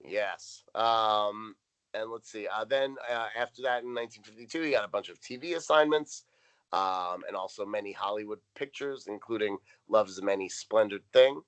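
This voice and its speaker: Male co-host, bright voice, casual rambling recap. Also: on the low side, normal speed, smooth, rough recording. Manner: rambling, reads out notes with frequent ums. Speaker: podcast co-host. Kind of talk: casual chat recapping a sitcom episode.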